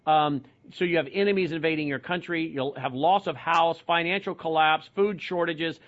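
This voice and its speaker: A man hosting a radio and television call-in talk show, briskly reading out web addresses and phone numbers. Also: a little high, steady tone, fairly bright tone. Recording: muffled broadcast audio.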